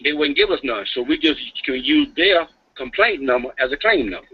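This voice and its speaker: A man's voice: fairly high pitch, lively intonation, fairly quick, a little hiss or hum. A man hosting a radio chat, asking eager, plain-spoken questions. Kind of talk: casual chat. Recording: muffled radio audio.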